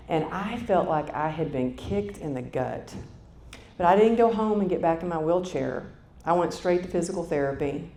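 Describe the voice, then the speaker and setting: A woman's voice: lively intonation, normal speed, dark tone. Woman keynote speaker in an echoey hall. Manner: conversational, addresses the audience directly. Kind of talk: motivational keynote storytelling. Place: conference hall stage. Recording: echoey hall with faint rumble.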